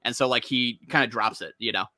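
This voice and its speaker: A man talking quickly and excitedly in casual chat, piling on filler words as he rambles. His voice is bright, the sound dry and close. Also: mid-range voice, no echo. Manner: rambling, heavy use of "like", excited. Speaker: podcast co-host. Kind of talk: casual comic discussion.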